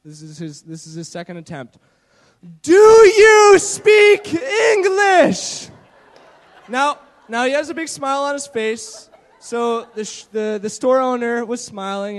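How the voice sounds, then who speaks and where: A high-pitched Canadian man, a church youth leader, tells a mission trip story as a testimony at a church gathering, shaky from not eating. He's animated and keeps restarting sentences with lots of "uh" and "kinda." His handheld mic rings through the hall with a long, trailing reverb.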